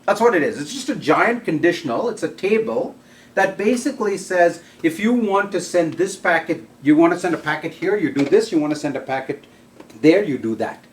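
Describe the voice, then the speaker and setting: Lecturer, classroom lecture, lively pitch, frequent "okay?" and "right?" check-ins, restarts mid-sentence. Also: brisk, a little hiss or hum.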